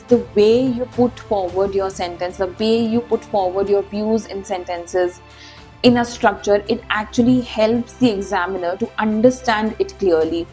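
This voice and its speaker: A woman's voice: a little high, darkish tone. A woman teaching an online exam-prep lesson, emphatic and instructive, talking straight to her viewers. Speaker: IELTS teacher.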